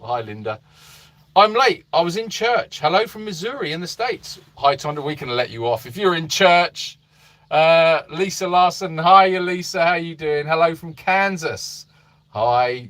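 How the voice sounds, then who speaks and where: A man's voice: on the high side, a bit bright. Chatty man greeting live viewers. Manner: reads viewer comments aloud and greets them by name; chatty, meandering, with fillers. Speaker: animal sanctuary host. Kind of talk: casual live-stream chat. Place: narrow boat.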